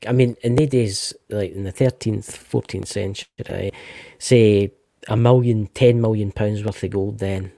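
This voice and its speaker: A man's voice: fairly low pitch, fairly even intonation, a little slow, vocal fry, warm tone, no echo. A Scottish man co-hosting a casual live stream about ghost lore, chatty and often restarting his words. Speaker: co-host. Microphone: remote live-stream call.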